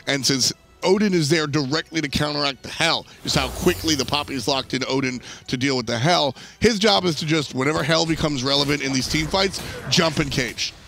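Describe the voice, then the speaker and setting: Bright, gravelly-voiced male esports caster. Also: fairly high pitch, fairly quick, a little hiss or hum. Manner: analytical, chatty, self-correcting restarts. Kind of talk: live esports commentary.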